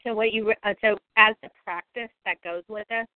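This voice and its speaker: A woman's voice: mid-range voice, moderate pace, no echo. A woman leading a spiritual group call, teaching casually and acting out inner thoughts with animation. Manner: animated, acts out inner monologues. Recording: tinny phone-line audio.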